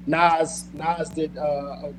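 A man's voice: on the high side, little pitch movement, takes it slowly. A man appearing as a guest musician, talking in a rambling way with lots of fillers and thanking his hosts. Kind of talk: casual interview chat.

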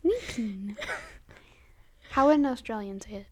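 A woman's voice: on the high side, fairly quick. An American woman co-hosting a casual podcast, making teasing, dry quips at her partner. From United States. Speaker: podcast co-host. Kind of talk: casual chat.

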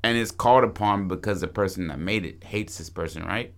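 A male podcast co-host talks through a film idea in loose, profane chat and keeps restarting his sentences. His voice sits fairly low but sounds bright and forceful. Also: brisk. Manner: profane, animated storytelling with many restarts. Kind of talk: casual chat, pitching a movie plot.

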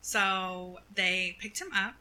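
A young woman co-hosting a casual chat, telling a story in an animated way and acting out what people said. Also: mid-range voice, takes it slowly, poor audio. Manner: animated storyteller, acts out quotes, laughs often. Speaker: podcast co-host.

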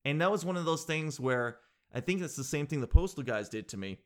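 A man's voice: a little high, expressive, a little fast. A young man telling a comedic story in a rambling, sarcastic way, laughing at his own jokes and saying "dude" a lot.

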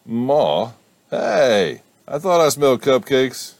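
A man's voice: a bass voice, very animated, a little slow, creaky, a little mellow, husky, voice pushed up, heavily acted. A man voicing a cocky, teasing show-off guy. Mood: playful. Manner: teasing, boastful.

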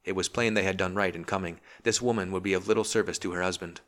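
Deep-voiced male audiobook narrator. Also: fairly even intonation, quick pace, fairly bright tone. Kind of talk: scripted narration.

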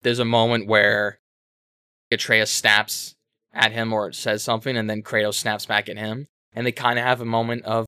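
A man co-hosting a casual talk show, retelling a story in a rambling, animated way with self-corrections and swearing. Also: on the low side, normal speed, smooth, no room sound, studio quality. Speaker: podcast co-host explaining a game. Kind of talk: casual chat.

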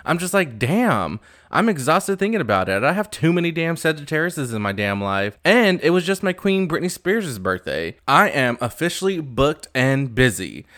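A man's voice: a little high, big pitch swings, moderate pace, hardly any pauses, fairly bright tone. A young man hosting a casual pop-culture gossip podcast, chatty, campy and sassy, recorded on a new podcast mic. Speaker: podcast host.

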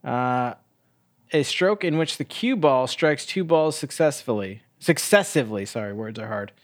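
A man's voice: mid-range voice, animated, moderate pace, no room sound, studio quality. Rambling man co-hosting a podcast. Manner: rambling, many uh fillers and restarts. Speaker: podcast co-host. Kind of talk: casual chat recapping a TV episode.

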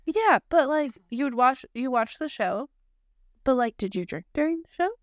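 A woman co-hosting a podcast, chatty and gossipy in casual conversation, with quick asides. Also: sits high, expressive, no room sound, studio quality. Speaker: podcast co-host. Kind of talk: casual chat.

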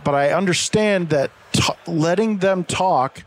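A man's voice: high-pitched, measured pace, slight background noise. A man in his thirties who runs a small landscaping business, chatting casually and telling rambling work stories full of restarts. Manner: rambling storyteller with frequent restarts. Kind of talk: casual podcast chat.

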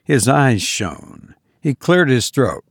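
A man narrating a classic story as an audiobook, in a measured, expressive way. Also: mid-range voice, breathy edge, no echo, clean studio sound.

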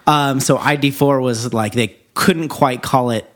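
A man co-hosting a podcast, recapping a movie in relaxed, casual chat with easy laughs and some swearing. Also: medium pitch, measured pace. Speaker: podcast co-host.

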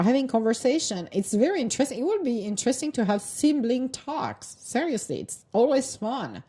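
Woman, talk show host, rambling and chatty, laughs a lot, mellow warm tone. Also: mid-range voice. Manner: rambling, chatty, laughs often, loose grammar. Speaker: host of a live audio talk room. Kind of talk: casual chat.

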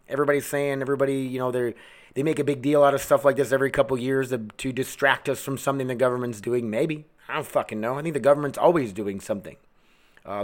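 The voice is a man's, medium in pitch and a little bright, hosting a home podcast. Originally from the United States, he goes on a bluntly profane, angry tirade.

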